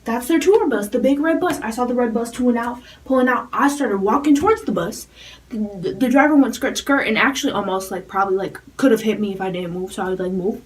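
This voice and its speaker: A teenage girl telling a story to camera, talking fast and rambling, with "like" in nearly every phrase. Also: a little high, distant mic, a little hiss or hum, low-quality recording. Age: teens. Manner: rapid rambling with constant "like" fillers. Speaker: fan vlogger.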